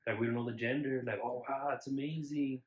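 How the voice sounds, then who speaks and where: A man, a vlogger and new father, telling his side of a story in a casual, halting way. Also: mid-range voice, steady tone, slight background noise. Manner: halting, restarts often. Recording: dull lo-fi sound.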